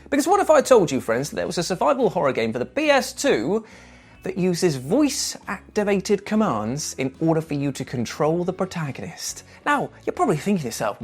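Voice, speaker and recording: A young English man from England hosting a gaming countdown video in an animated, jokey, playful way. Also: fairly high pitch, normal speed, slightly rough, faint music behind. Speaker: video presenter.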